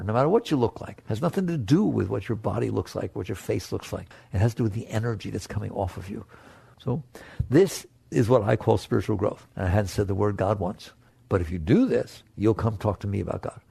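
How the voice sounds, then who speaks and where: A man giving a spiritual talk to an audience, direct and coaxing. He jumps between playful high voices and soft low asides. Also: creaky, husky, no room sound. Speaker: spiritual teacher.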